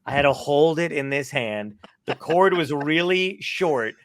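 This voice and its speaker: A man and podcast guest telling casual stories, swearing and animated as he tells them. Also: a little high, measured pace, no echo. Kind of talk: casual storytelling.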